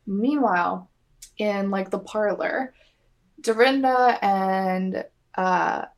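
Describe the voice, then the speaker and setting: A woman co-hosting a podcast, recapping a reality show in chatty, casual talk full of "like". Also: medium pitch. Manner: chatty, lots of "like", acts out quotes. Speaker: podcast co-host.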